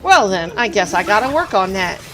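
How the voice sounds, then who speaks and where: A woman's voice: mid-range voice, sing-song, brisk, fairly bright tone, soft background music. A woman with a Southern drawl, chatting casually on a live stream while she plays, laughing easily. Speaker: game streamer.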